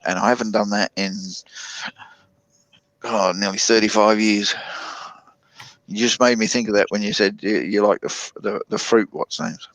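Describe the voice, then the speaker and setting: Rambling Australian man, low voice. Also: a bit bright, dry recording. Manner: rambling, drawn-out storytelling with many fillers. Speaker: guest on a chat stream. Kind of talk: casual chat. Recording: dull lo-fi online call audio.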